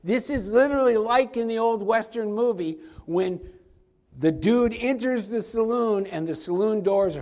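A male pastor preaching a sermon, emphatic and slowing down to stress key points. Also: high voice, a little mellow.

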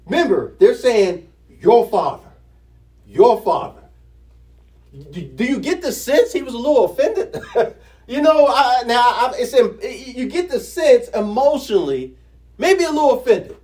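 High-pitched guy doing bible study, chatty and animated, asks the room questions, sounds kinda far from the mic. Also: moderate pace. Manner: conversational and animated, chuckles, rhetorical questions to the listeners. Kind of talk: Bible teaching, scripture reading with commentary.

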